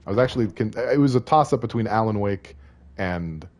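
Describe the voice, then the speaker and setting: Playful low-voiced male streamer. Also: animated, a little fast, darkish tone. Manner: rambling and playful, talking to chat and reading game text aloud. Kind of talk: casual live-stream chat while playing.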